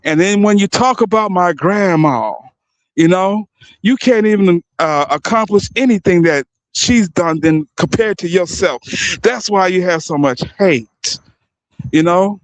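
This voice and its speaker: High-voiced man ranting with profanity. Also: expressive, measured pace, no echo, low-quality recording. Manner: profane, insulting, mocking. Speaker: streamer. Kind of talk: heated ranting commentary.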